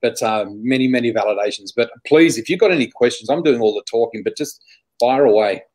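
A man, a psychic guest in an interview, telling animated, chatty stories full of exclamations. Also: mid-range voice, fairly quick, rough recording. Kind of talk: casual storytelling interview.

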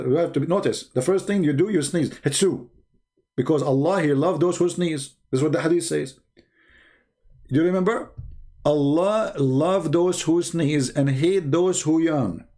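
A man's voice: a little high, expressive, normal speed, dark tone. A man hosting a mocking religious commentary, speaking sarcastic, incredulous English with broken grammar. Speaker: host.

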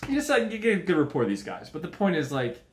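A man's voice: fairly high pitch, big pitch swings, fast, echoey room, slight background noise. A young man hosting a podcast, riffing in a profane, tangent-hopping comic monologue and acting out little scenes. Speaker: podcast host. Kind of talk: rambling comedic monologue.

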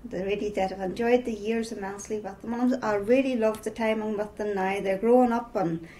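A woman's voice: mid-range voice, steady tone, a little fast, dark tone, slight background noise, poor audio. A middle-aged woman with a Northern Irish accent giving a personal testimony, telling her story with many repeated "I says".

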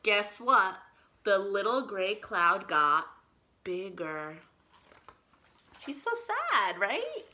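A woman reading a picture book aloud at a children's storytime, animated and encouraging, with playful made-up words. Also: mid-range voice, slow. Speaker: children's librarian. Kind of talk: storytime read-aloud for kids.

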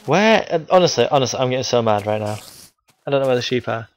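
Excitable young man narrating his gameplay. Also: mid-range voice, fast, faint music behind, poor audio. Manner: excitable, frustrated outbursts at enemies; talks to the viewers. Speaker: gaming video host. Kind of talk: casual gameplay commentary.

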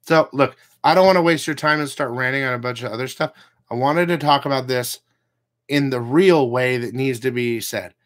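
A man's voice: mid-range voice, normal speed. A man hosting a comic book channel, ranting casually to his viewers, blunt and profane, with rambling asides.

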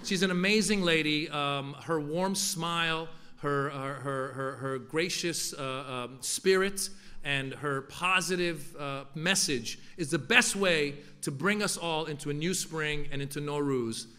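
A man's voice: a little high, unhurried, pushed and bright. A man from Iran, raised in Northern California, doing stand-up as an event host with playful, punchy delivery. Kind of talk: stand-up comedy at a formal event. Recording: echoey hall with faint noise.

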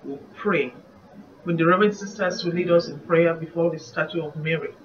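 A woman's voice: fairly low pitch, steady tone, brisk. Earnest Nigerian woman preaching, distant mic. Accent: Nigerian English. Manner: earnest, reflective, reminiscing. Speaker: evangelist. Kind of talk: devotional sermon. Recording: muffled distant recording, faint background noise.

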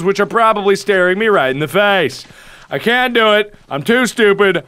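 High, lively young man gaming. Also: moderate pace, smooth, no room sound. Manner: loud, expressive outbursts and self-mocking rants. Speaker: let's play host. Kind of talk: video game commentary.

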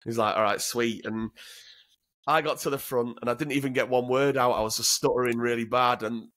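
A man's voice: mid-range voice, steady tone, a little fast, a bit bright. A man, telling frank, swear-laden stories as an interview guest, often repeating words as he starts. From Northern England. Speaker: guest, former commando. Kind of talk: casual interview storytelling.

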